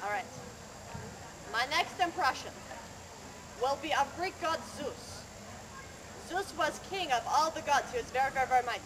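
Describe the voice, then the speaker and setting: A woman's voice: high-pitched, expressive, moderate pace, long pauses. A woman doing a comic slackrope show at a renaissance faire, telling a tall tale with theatrical patter and teasing the audience. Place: outdoor fair stage with a crowd. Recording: noisy outdoor crowd recording.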